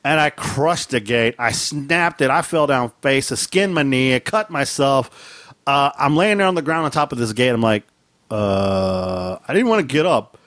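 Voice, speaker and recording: A man's voice: mid-range voice, lively intonation, normal speed, fairly bright tone, no room sound. A middle-aged man telling a funny story in casual chat, laughing often and jumping into raised voices to act out quotes.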